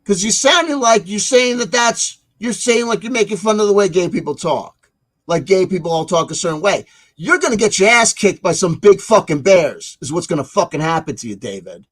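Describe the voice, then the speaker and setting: A man with a notably high voice rants through his own commentary. His swearing is constant and his tone is mocking and angry. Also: lively intonation, normal speed. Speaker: commentary channel host. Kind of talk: ranting commentary.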